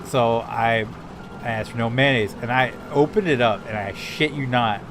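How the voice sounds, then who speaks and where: A man telling a story in casual chat between games, halting and repeating his words. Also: medium pitch, background noise. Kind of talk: casual chat while gaming.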